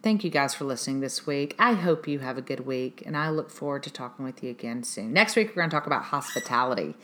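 A woman's voice: rumbling low, expressive, quick pace, a bit bright. A woman hosting a podcast, giving parenting advice in casual talk, earnest and emphatic, often repeating her points. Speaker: podcast host.

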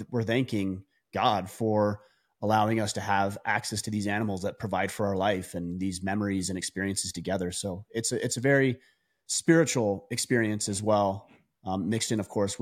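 A man, a podcast guest, telling stories in a casual conversational way, animated, with frequent restarts and fillers. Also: fairly low pitch.

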